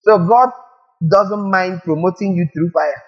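A male preacher delivers a lively sermon, throwing rhetorical questions at the congregation and acting out small scenes. His voice is high-pitched and a little slow, and the recording is muffled.

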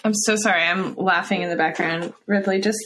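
A woman's voice: fairly low pitch, steady tone, fairly quick, background noise. A woman co-hosting a podcast, chatting in a light, apologetic, amused way. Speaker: podcast co-host. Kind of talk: casual chat.

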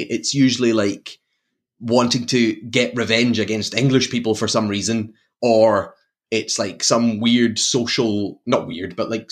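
A man with a Glaswegian accent talking films in a relaxed podcast chat. He gets animated, breaks off and restarts his sentences, and laughs often. His voice sits at an ordinary pitch for a man. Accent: Glaswegian Scottish. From Glasgow, Scotland. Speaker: podcast co-host discussing films. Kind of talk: casual chat.

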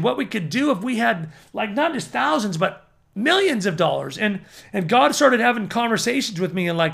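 A man preaching to an audience as a prophetic minister, fervent and building to emphatic near-shouts. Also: sits high, creaky.

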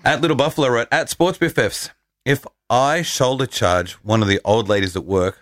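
A man's voice: mid-range voice, a bit bright, no room sound, studio quality. A man with an Australian accent hosting a casual sports podcast, joking and reading out fans' tweets. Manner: jokey, reads out tweets, quick asides. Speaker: podcast host and rugby league referee.

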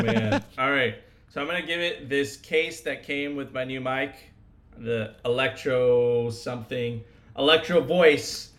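A man's voice: mid-range voice, fairly bright tone. A man co-hosting a casual livestream show, upbeat, reading out chat and plugging links. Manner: upbeat, plugs and reads chat. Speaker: co-host.

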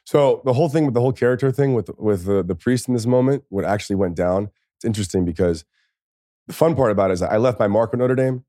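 A former football player in his thirties, appearing as a podcast guest, tells casual stories quickly in a lowish, warm voice, laughing often and swearing freely. The studio-quality audio has no echo.

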